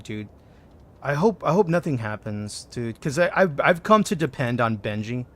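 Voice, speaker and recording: Talking fairly quickly in a mid-range voice, a man plays a game on stream, bantering playfully with the characters in relaxed commentary and letting out loud, excited outbursts.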